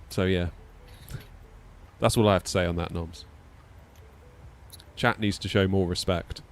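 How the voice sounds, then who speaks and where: With a low pitch and vocal fry, a man who streams flight sims rambles casually to his live audience. He hesitates often, filling gaps with fillers and laughing at himself.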